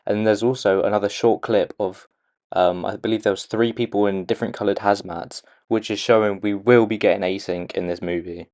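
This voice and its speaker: A man casually breaking down a movie trailer for his channel, pausing often with "um"s and restarting his sentences. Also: fairly low pitch, fairly even intonation, darkish tone. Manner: hesitant, many "um"s and restarts. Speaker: video creator analysing a movie trailer. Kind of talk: casual commentary.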